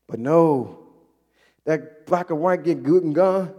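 High-voiced man preaching in a reverberant hall. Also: slow. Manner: lively, colloquial, acts out scenes and yells in character. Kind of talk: sermon. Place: church.

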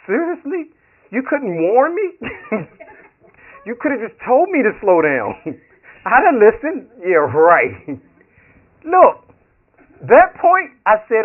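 A man preaching, telling a story in an animated way with frequent laughter and acted-out dialogue, over a tinny radio broadcast. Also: sits high, slow, pauses often, husky. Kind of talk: sermon storytelling.

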